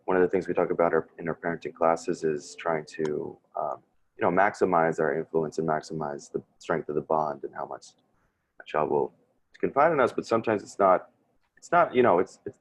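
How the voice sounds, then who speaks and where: This is a man with a deep, gravelly voice, presenting a parent wellness workshop over a video call. He talks in a halting, conversational way, backing up and restarting his sentences as he goes. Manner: hesitant, full of fillers and restarts. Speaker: social worker leading a parent workshop.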